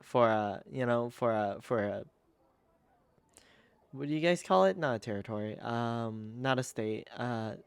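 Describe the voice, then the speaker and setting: A man's voice: medium pitch, unhurried, gravelly, smooth, no echo. A male streamer chatting casually and giggling often while playing a game. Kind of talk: casual gaming stream chat.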